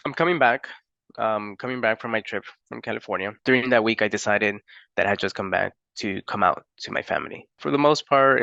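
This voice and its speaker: A young man from Florida telling a personal story in a halting, unhurried way with many pauses and fillers. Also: fairly low pitch, vocal fry, sharp tone, no echo, highs cut off.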